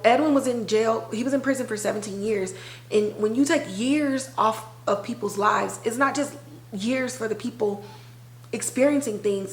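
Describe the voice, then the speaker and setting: A woman hosting a podcast, talking candidly and emotionally in a casual recap with slangy, conversational phrasing. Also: a little high. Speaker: podcast host. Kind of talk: personal TV recap monologue. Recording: echoey room.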